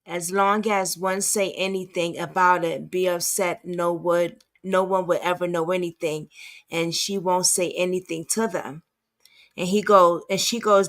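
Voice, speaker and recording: A woman reads text exchanges aloud and comments on them as an advocate. She goes very slowly and often stumbles and restarts her lines. Her voice sits on the low side. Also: steady tone, a bit bright. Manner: halting, stumbling reading with restarts. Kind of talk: reading messages aloud with commentary.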